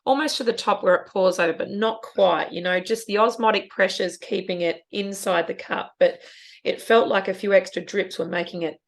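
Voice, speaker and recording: A woman's voice: medium pitch, fairly even intonation, moderate pace. A middle-aged woman, co-hosting a casual podcast chat, talking earnestly and emotionally about parenting. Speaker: podcast co-host.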